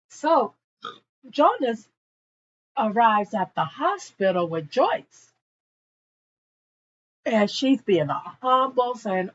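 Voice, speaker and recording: A young woman gossips her way through an episode recap, speaking slowly with a very lively, swooping pitch. She drops frequent asides to her viewers. The recording sounds a little muffled and lo-fi. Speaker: TV show reviewer.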